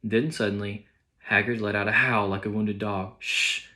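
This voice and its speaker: A man, a teacher, reading a children's novel aloud in a plain steady way with small slips. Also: on the low side, moderate pace. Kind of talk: audiobook-style read-aloud.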